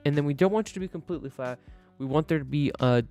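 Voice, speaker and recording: A man's voice: a little high, fast talker, dark tone, faint music behind. A man live-streaming a building game, chatting casually and thinking aloud to himself as he works.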